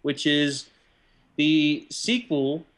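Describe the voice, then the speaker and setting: A man's voice: fairly high pitch, very slow, a bit bright. Rambling podcast host, a man. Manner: rambling, many fillers and restarts. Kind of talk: casual chat.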